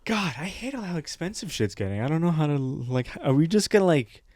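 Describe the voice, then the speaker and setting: A man's voice: fairly high pitch, big pitch swings, a little fast, darkish tone, no echo. A man co-hosting a casual comedy podcast, rambling and swearing as he trails off mid-thought. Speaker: podcast co-host.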